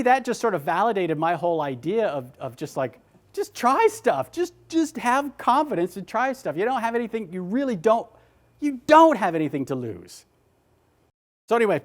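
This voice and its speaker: A man giving a motivational talk, animated and emphatic, often repeating his words. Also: high-pitched. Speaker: motivational speaker.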